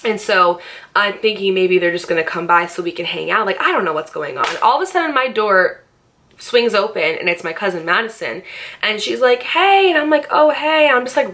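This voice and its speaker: A woman's voice: medium pitch, pushed and bright, a little hiss or hum. A young woman vlogger telling a personal story in a casual, chatty way, swearing freely and acting out the voices of the people she quotes.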